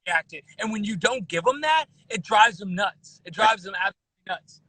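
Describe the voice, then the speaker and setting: A man in his thirties guesting on a podcast, talking in an animated way with lots of restarts and repeated words. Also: high-pitched, moderate pace, breathy edge, no room sound, low-quality recording. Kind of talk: casual podcast chat.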